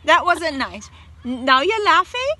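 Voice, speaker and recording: A high, bright woman's voice that swoops all over as she coos baby talk at her parrot, unhurried and drawn out. She is outdoors in a park with a faint hiss of noise behind her. Casual vlog chatter straight to the viewers. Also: sing-song. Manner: playful baby talk to a pet bird. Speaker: vlogger.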